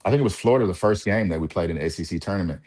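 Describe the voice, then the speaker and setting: Deep-voiced former player, relaxed. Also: male voice, racing. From Mississippi. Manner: relaxed, reflective, many fillers and light laughs. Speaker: former college point guard, guest. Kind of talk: casual interview talk.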